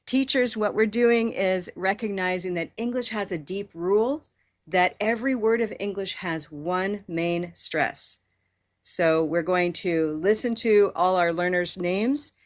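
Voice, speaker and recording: A woman with an American accent teaching pronunciation in an online class, modeling phrases slowly and encouraging her learners. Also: fairly low pitch. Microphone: video call.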